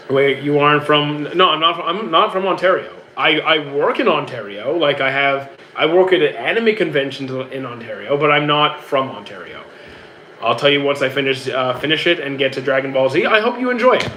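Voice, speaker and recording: A man's voice: on the high side, sharp tone, a little hiss or hum, rough recording. A young man from Canada, a streamer casually answering chat questions in an easygoing, rambling way with many restarts.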